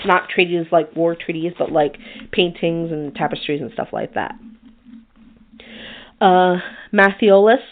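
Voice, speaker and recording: A woman hosts a casual podcast, reading from her research notes. She is chatty and self-deprecating, and her voice sits a little low. The sound is thin and tinny, like a phone line. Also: unhurried, long pauses. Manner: chatty, self-deprecating, stumbles over names. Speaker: podcast host.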